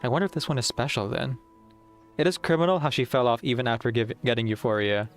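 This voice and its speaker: Giggly game streamer guy rambling away, soft music under him. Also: mid-range voice, quick pace. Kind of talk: casual gameplay commentary.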